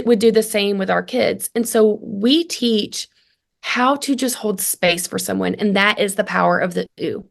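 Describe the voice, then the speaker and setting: A woman's voice: medium pitch, creaky. A woman in her thirties, a guest on a parenting podcast, earnestly telling family stories and acting out the dialogue. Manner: earnest, animated storyteller who acts out dialogue. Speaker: guest, family communication coach. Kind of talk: conversational interview.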